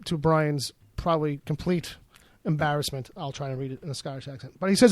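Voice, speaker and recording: A man's voice: on the high side, a little fast, darkish tone, dry recording. A man hosting a casual podcast, reading out listener emails in a loose, profane, joking way. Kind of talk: casual chat.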